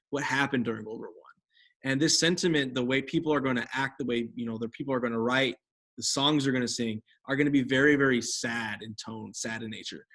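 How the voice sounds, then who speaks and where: A man's voice: medium pitch, fairly bright tone. A young adult man teaching a history lecture over slides, rambling with many fillers and self-corrections.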